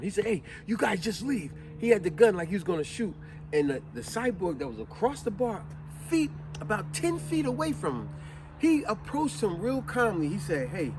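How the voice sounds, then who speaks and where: A man hosting a vlog, explaining things casually and telling stories with acted-out quotes and sneezes. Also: high voice. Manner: animated storyteller who acts out quotes and sneezes. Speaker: vlog host.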